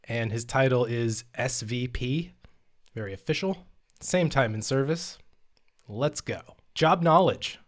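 A man with a mid-range voice co-hosts a casual podcast. He runs through a mock performance review with a dry, deadpan, mock-official delivery. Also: medium pitch, measured pace. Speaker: podcast co-host.

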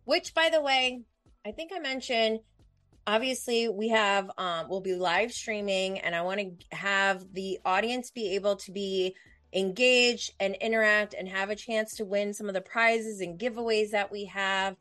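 Woman, young adult, solo podcast host, slow rambling talk, emotional, dry close mic. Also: mid-range voice, no room sound, faint music behind. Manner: excitable, emotional, rambling with fillers. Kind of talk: casual solo podcast chat. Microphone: podcast microphone.

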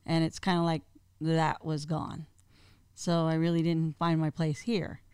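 A guest speaking hesitantly and openly in a personal conversation, pausing with fillers. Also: medium pitch, completely flat delivery, a little mellow, smooth, no room sound, studio quality. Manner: hesitant, open, reflective.

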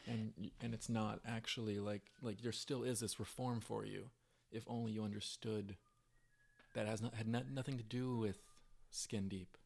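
A man's voice: lowish voice, steady tone, normal speed, creaky. A man co-hosting a podcast, talking in an earnest, rambling way with many fillers. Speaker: podcast co-host. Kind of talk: casual chat.

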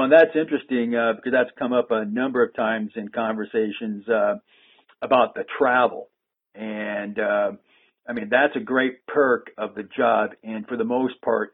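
A man's voice: fairly low pitch, slightly rough. A man hosting a casual conversation, rambling and hesitant with frequent restarts. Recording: phone-like lo-fi line.

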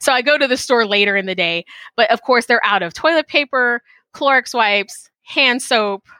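Chatty high-voiced woman podcast host. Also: normal speed, no room sound. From Texas. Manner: chatty, animated, many fillers and acted-out quotes. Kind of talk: casual chat. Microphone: call center headset.

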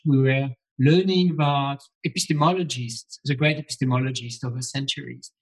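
A man's voice: medium pitch, steady tone, normal speed, few pauses, husky, poor audio. A middle-aged man from France with a French accent, answering interview questions as a philosophy professor, thoughtful and prone to repeating himself as he restarts sentences. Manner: thoughtful, with frequent repetitions and restarts.

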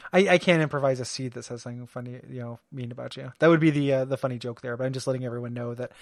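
A man with a mid-range voice co-hosts a casual video game podcast, talking fast, rambling with many fillers and restarts, and laughing often. It's a dry, clean studio recording on a studio microphone.

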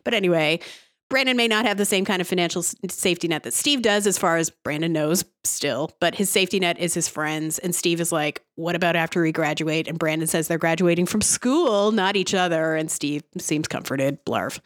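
A woman recaps a TV episode on a podcast, sarcastic and quick to giggle. Her voice sits slightly low, and the sound is dry and close. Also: a bit bright, dry recording. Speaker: podcast host.

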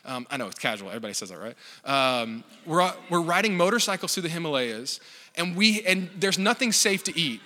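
Bright-voiced man preaching in a reverberant hall. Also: on the high side, expressive, fairly quick. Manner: casual, joking storytelling. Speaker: pastor. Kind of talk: sermon. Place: church. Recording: long reverb of a church hall.

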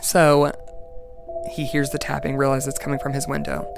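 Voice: medium pitch, level tone, normal speed, vocal fry, music in the background. A young adult student giving a casual class presentation and reading a poem aloud, chatty and full of "like" and "um".

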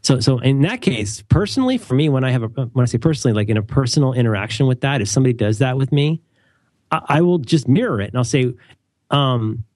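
A young adult man co-hosts a casual talk show, rambling, correcting himself often and adding wry asides. He talks fast and animatedly in a medium-pitched, darkish voice. The studio sound is clean with no echo.

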